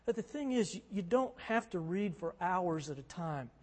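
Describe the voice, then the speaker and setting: A man preaches a sermon as a pastor, earnest and conversational, hammering points home through emphatic repetition. His voice sits high with lively intonation at a moderate pace, and long hall reverb surrounds it.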